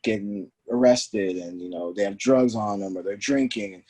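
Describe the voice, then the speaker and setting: A man's voice: lowish voice, moderate pace, husky. A man, a former pro soccer player, telling stories as a podcast guest and acting out the voices he quotes. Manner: animated, acts out quoted voices. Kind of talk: storytelling in conversation.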